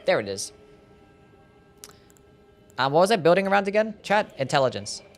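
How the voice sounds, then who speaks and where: A man with a mild Australian accent streaming a game and chatting casually with viewers in a relaxed, jokey way. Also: fairly high pitch, normal speed, soft background music. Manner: relaxed, jokey, reads and answers chat. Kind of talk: casual live-stream chat while gaming.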